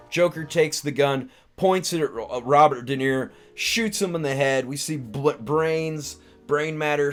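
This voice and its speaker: A man hosting a live stream, casually recapping a film in a rambling way with lots of restarts and filler words. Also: mid-range voice. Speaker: live-stream host, comedian.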